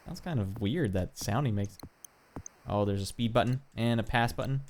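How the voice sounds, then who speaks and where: Low-voiced man griping at a retro game. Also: moderate pace, a little mellow, slight background noise. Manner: exasperated, wisecracking, swears lightly. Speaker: streamer. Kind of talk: casual game commentary.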